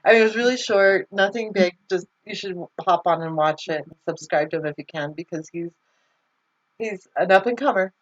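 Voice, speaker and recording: A woman's voice: on the low side, brisk. A woman hosting a casual livestream, chatting loosely, laughing often and reading viewer comments aloud over a video call. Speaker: livestream host. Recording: slightly muffled video call audio.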